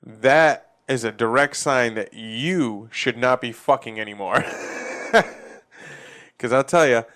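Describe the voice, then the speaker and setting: A man's voice: medium pitch, slow, fairly bright tone. A man from Massachusetts hosting a comedy podcast, ranting casually with lots of swearing and laughing at his own jokes. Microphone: facing a camera.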